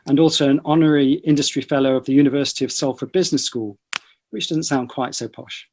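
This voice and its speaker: A middle-aged man, a neurology professor, hosting a relaxed podcast chat and introducing guests with light teasing asides. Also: medium pitch, fast. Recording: online broadcast discussion.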